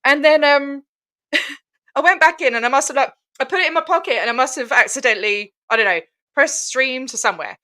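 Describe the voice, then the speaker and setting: An Australian woman telling a story over a video call in a casual chat, animated and laughing often, acting out the other people in it. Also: sits high, fairly quick. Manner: animated, laughing, mimics voices in retelling. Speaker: guest protester.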